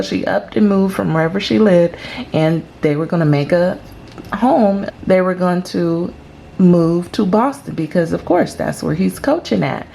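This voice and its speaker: A woman's voice: on the low side, gravelly, warm tone, slight background noise. A woman hosting a celebrity gossip channel, chatting casually and emphatically with dramatic reactions.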